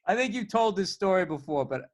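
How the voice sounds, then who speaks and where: A man telling stories in a casual podcast chat, profane and animated, with loud bursts. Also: high-pitched, a little fast. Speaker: comedian guest.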